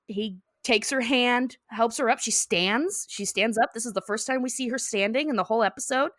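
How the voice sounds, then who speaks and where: A woman's voice: a little high, normal speed, a bit bright, dry recording, clean studio sound. A woman co-hosting a podcast, animatedly recapping a cartoon episode and laughing often. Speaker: podcast co-host.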